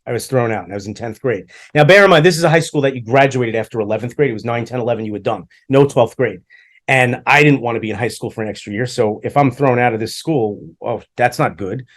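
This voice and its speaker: A middle-aged man swaps stories on a casual podcast, his voice sitting at an ordinary middle pitch. He jokes, runs himself down, and slips into the voices of the people he quotes as he tells a tale. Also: fast talker. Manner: joking, self-deprecating, acts out quotes. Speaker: podcast co-host. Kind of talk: casual storytelling chat.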